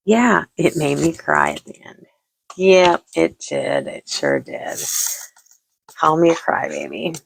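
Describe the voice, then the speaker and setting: A middle-aged woman hosts a casual crafting chat in a low voice with a gravelly edge. She talks slowly and rambles, circling back to repeat herself. She pokes fun at herself as she goes. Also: a little hiss or hum. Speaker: vlog host.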